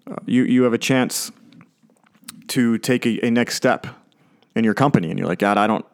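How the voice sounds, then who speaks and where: A man's voice: medium pitch, normal speed, creaky, a little mellow. A man preaching a sermon in a conversational way, acting out quoted lines and chuckling often. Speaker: pastor.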